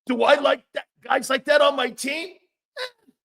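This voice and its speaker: Blunt, high-voiced sports talk host. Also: male voice, steady tone, moderate pace, creaky, a bit bright. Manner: blunt, profane, mocking put-on voices.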